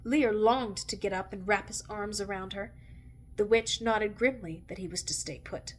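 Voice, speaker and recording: A woman reading a novel aloud in a measured, expressive way. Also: medium pitch, a little hiss or hum. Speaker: reader.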